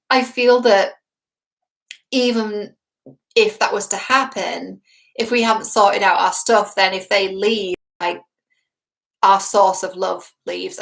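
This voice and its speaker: A woman's voice: mid-range voice, gravelly, rough recording. A woman love coach talking casually to camera in a chatty, affectionate, playful way.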